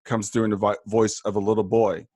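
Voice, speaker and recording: A man's voice: on the low side, flat delivery, brisk, darkish tone, dry recording. Enthusiastic male podcast host, dry sound. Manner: enthusiastic, admiring. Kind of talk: casual interview.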